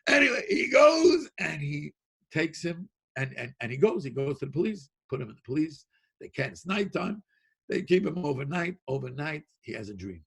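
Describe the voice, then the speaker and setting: A male Torah teacher telling a long story in an animated way, repeating words and laughing between lines. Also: on the high side, normal speed. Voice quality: gravelly, husky. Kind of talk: storytelling lecture.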